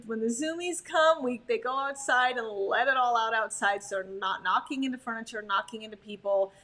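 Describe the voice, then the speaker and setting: Animated woman dog trainer, high voice. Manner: animated, acts out quoted owners and dogs. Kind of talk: webinar presentation.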